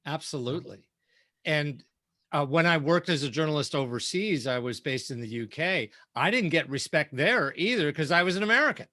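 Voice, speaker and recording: A man speaking as a guest and keynote speaker in a casual roundtable, telling lively stories. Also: on the high side, moderate pace, no echo. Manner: lively anecdotal storytelling.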